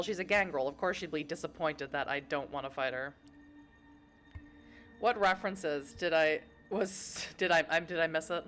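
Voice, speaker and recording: A woman's voice: low-pitched, a bit bright. A young woman streaming a narrative game, reading its text aloud and chatting with her viewers between passages.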